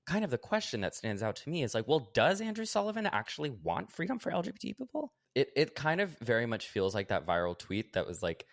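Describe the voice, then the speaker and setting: A man hosting a podcast, talking casually with a sarcastic, animated edge and lots of "like". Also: mid-range voice, fast, vocal fry, hardly any pauses, no echo, clean studio sound. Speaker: podcast host.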